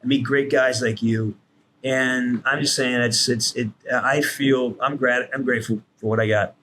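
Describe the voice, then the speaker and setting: A man, a guest voice actor, telling stories on a podcast in an animated way, swearing freely and acting out what people said. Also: medium pitch, moderate pace, a little hiss or hum. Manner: animated, swears freely, acts out quoted lines. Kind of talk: casual podcast storytelling.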